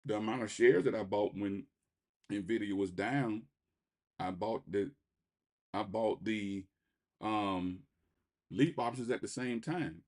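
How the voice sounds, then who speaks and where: A man hosting a trading channel, giving live market commentary over his screen in an excitable, rambling way, repeating himself and swinging between loud bursts and quiet muttering. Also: fairly low pitch, slow pace, long pauses.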